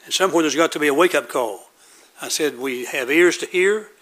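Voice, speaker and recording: A man delivers a sermon in a bright, forceful voice that sits slightly high. He preaches earnestly, circling back to the same questions and answering them himself. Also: a little fast. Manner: earnest, repetitive call-and-response preaching.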